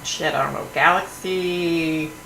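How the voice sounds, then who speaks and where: Blunt, gravelly woman chatting. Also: deep voice, slow. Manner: animated, blunt, swears. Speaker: livestream host. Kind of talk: casual gossipy chat. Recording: echoey room, faint hum.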